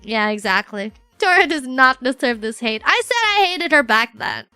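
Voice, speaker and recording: A woman's voice: high-pitched, normal speed, clean tone, no echo, soft background music. A young woman streamer in casual chat, telling rambling stories with lots of fillers. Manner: chatty, rambling, animated storytelling with many fillers.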